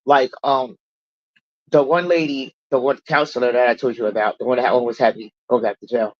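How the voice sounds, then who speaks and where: A woman's voice: fairly quick, no echo, muffled recording. A woman telling her own recovery story in a casual livestream chat, blunt and profane, acting out the people she quotes. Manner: animated, acts out quoted people in raised pitch, blunt and profane.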